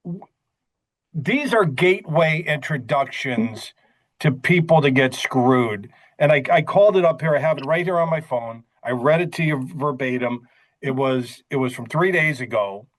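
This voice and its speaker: A middle-aged man hosting an interview podcast, telling stories in an animated, emphatic way with frequent asides. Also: medium pitch, moderate pace, poor audio. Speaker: podcast host. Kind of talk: conversational interview.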